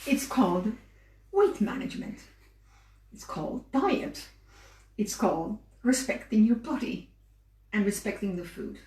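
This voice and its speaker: A woman's voice: mid-range voice, a little mellow. A woman hosting a live cooking demonstration. She explains patiently and talks as she works with her hands. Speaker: cooking show host. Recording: roomy, distant mic with faint ambience.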